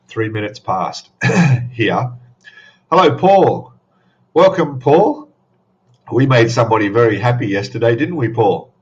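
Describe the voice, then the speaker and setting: Slow, sleepy man hosting. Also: fairly low pitch, dull audio. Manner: drowsy, rambling, laughs often. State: just woken up, voice still rough. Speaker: live stream host. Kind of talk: casual live-stream chat.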